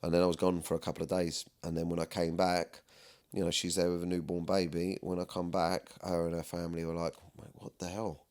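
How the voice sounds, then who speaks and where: A man's voice: deep voice, completely flat delivery, a little fast, a little mellow. A man hosting a podcast, talking earnestly and at length in a rambling, candid way. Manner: rambling, earnest, often asks "do you know what I mean". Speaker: podcast host. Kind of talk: candid personal chat.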